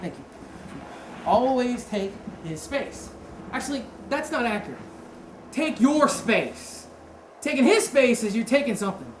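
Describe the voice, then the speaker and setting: A woman's voice: on the high side, unhurried, pauses often. A woman teaching a martial arts seminar, talking casually, quizzing the class and correcting herself. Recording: roomy echo with steady background noise.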